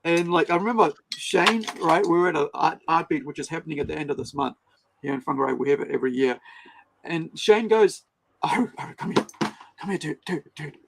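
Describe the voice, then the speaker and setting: A man's voice: a little high, fairly quick, creaky, a little hiss or hum, poor audio. A man, a podcast co-host telling stories in casual chat and acting out what others said. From New Zealand. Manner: animated storyteller, acts out quotes.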